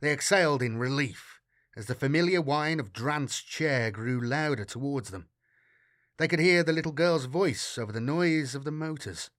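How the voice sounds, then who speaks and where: Casual: guy reading a dark audiobook, lots of ups and downs in his voice, measured, dead dry sound. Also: mid-range voice, expressive, no room sound. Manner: measured, slows for grim detail. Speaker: narrator. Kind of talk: dramatic audiobook narration.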